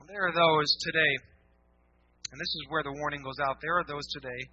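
A man preaching a sermon to his church in a casual, animated way, slipping into mock voices to make his points. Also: fairly high pitch, fairly quick, dry recording. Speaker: pastor. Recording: dull lo-fi church recording.

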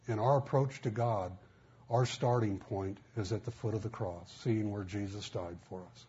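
A man's voice: lowish voice, unhurried, warm tone, slightly rough. A man preaching a sermon in a folksy storytelling way, acting out quotes. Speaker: pastor. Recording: muffled, faint background hiss.

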